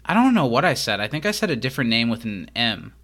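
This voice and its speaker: Male podcast host, bright, chatty, pokes fun at himself. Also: medium pitch, sing-song, fast. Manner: chatty, self-deprecating. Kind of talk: casual podcast banter.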